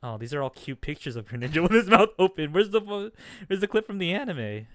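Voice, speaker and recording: A man's voice: sits high, very animated, fast, fairly bright tone, dry recording, clean studio sound. A man hosting a casual group chat who laughs often and swears casually. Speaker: stream host.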